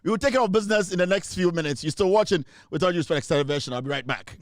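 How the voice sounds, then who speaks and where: A Ghanaian man hosts a comedy show with a high, lively voice that jumps all over as he jokes and laughs. His sound is close and dry, with no room around it. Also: racing, no echo. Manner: animated, laughing often, mixing English into his talk. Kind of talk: comic commentary.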